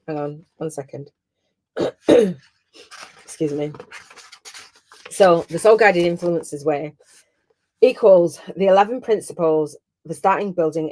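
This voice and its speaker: A woman's voice: low-pitched, a little mellow. A middle-aged woman hosting a live online masterclass. She is heartfelt and chatty, and close to tears at times. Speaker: host and business coach.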